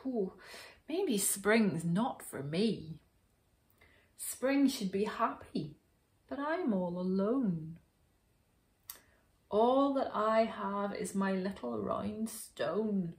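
A woman's voice: on the low side, lively intonation, slow, hardly any pauses, echoey room. Lonely timid bear cub, wistful and hesitant, read by a woman. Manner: stammering, wistful.

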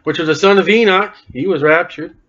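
Preaching a sermon, a man reads scripture aloud and breaks off now and then for wry, folksy jokes. His voice sits high, a bit bright, and moves a little fast, captured on a dull lo-fi recording.

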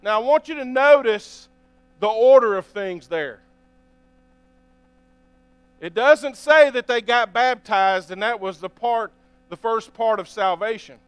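A man's voice: very high voice, measured pace, long pauses, smooth, no room sound. A man preaching a sermon as pastor, reading scripture aloud and often asking the congregation for an amen. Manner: reads scripture aloud between remarks.

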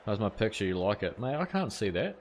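This gaming streamer, a young man from New Zealand, chats with viewers and reads their messages while loosely calling a cricket match, swearing a little. His voice sits on the low side, very animated and a touch fast, with some faint background noise.

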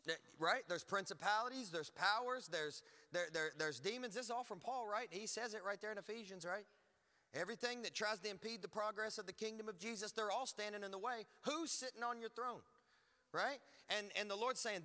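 A man preaching a lively sermon as pastor, emphatic and energetic with frequent asides. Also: high voice, fairly quick, in a large hall. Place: church hall.

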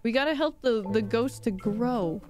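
A woman's voice: on the high side, expressive, moderate pace, a little mellow, soft background music. A woman streamer giving casual, giggly, exclaiming commentary while playing a game.

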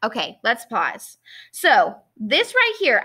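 A woman's voice: high voice, huge pitch swings, takes it slowly, sharp tone, slightly rough. A woman teacher with a Southern accent reading a novel aloud to her class, stopping to explain and asking the students questions in a patient way.

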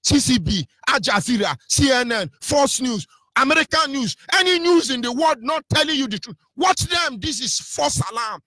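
A man's voice: very high voice, animated, a little fast, hardly any pauses, bright, forceful tone, no echo, clean studio sound. A man with a Nigerian accent giving an impassioned, preacherly radio talk, fiery and defiant. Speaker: radio broadcaster.

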